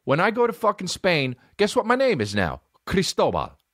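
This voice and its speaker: A man's voice: sits high, huge pitch swings, normal speed, fairly bright tone, dry recording, clean studio sound. Profane, exasperated male comedian ranting. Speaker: comedian podcast host. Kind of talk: casual comedic rant.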